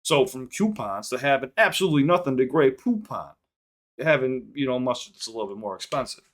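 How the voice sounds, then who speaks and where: A man's voice: mid-range voice, fast. A man hosting a music reaction video, talking casually, swearing freely and stopping often to break down lyrics. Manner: excitable, swears casually, stops to unpack lyrics. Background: hip hop track playing faintly.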